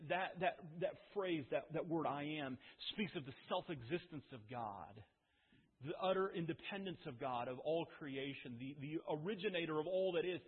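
A man preaching a sermon, talking conversationally and firing off rhetorical questions with dramatic pauses. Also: a little high, slightly rough. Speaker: pastor. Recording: phone-like audio with long hall reverb.

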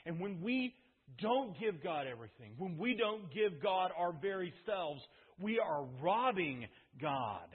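A man's voice: high-pitched, big pitch swings, measured pace, husky. A male pastor preaching an earnest, emphatic sermon in a church, repeating his points. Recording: tinny, echoey church hall.

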